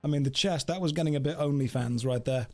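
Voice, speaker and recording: Soft music plays behind a man on a game livestream who jokes around, chatting with viewers and with his dog. His voice is on the high side, warm and quick.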